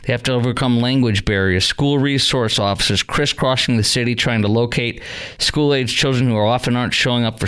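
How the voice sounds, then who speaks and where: A man's voice: mid-range voice, fairly bright tone. A man hosting a talk radio show, delivering an indignant, rambling monologue with many fillers and restarts.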